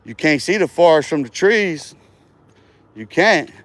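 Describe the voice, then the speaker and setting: A man running his own livestream in a rambling, profane rant, taunting viewers and laughing often. His speaking voice sits high for a man. The recording is dry and close, with no room echo. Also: lively intonation, unhurried, a bit bright. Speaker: livestream host.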